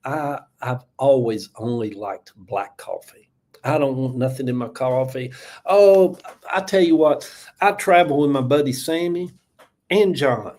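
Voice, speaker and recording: A man's voice: mid-range voice, a little slow, a little mellow. A man in his seventies with a Southern US accent, chatting casually and folksily on a morning livestream, laughing often. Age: 70s. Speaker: livestream host. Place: home.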